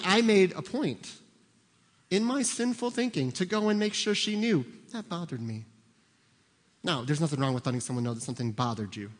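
A man preaching a sermon as a pastor, animated and acting out little scenes, sometimes shouting for emphasis. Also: on the high side. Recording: long hall reverb.

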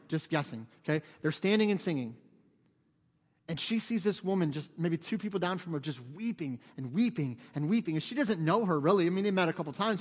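Animated male pastor in a reverberant hall. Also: fairly high pitch. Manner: animated storytelling, swings from loud to hushed. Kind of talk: sermon. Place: church sanctuary.

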